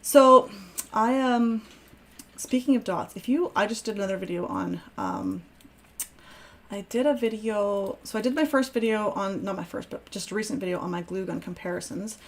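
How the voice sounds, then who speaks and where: A woman's voice: mid-range voice, lively intonation, normal speed. A woman hosting a live crafting stream, chatting casually and self-deprecatingly as she works aloud. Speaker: crafting host.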